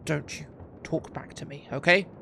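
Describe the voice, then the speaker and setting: A short-tempered male ship officer who barks and threatens, with a gravelly edge to his voice, as the game master puts him on. He talks loud and clipped, with a faint hiss behind him in a tabletop game recording. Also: medium pitch, slow pace. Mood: angry. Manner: barking, threatening.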